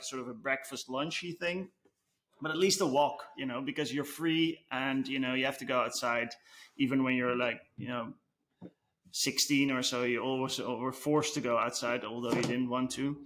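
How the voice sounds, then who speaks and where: A man chatting casually as a podcast co-host, rambling easily with many fillers. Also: medium pitch. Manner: relaxed, rambling, many fillers like "you know". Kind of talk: casual chat.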